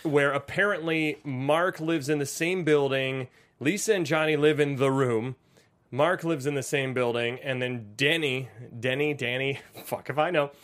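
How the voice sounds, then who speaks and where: A man's voice: mid-range voice, a little slow, fairly bright tone. A young man co-hosting a casual movie-review chat, rambling and profane, often breaking into laughter. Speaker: podcast co-host.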